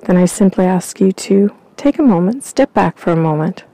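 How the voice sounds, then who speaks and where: Gravelly, mellow-voiced woman giving spiritual guidance. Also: fairly low pitch, no echo, rough recording. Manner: calm, slow, soothing guidance. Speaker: intuitive reader and vlog host. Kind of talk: channelled spiritual reading. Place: outdoors in winter.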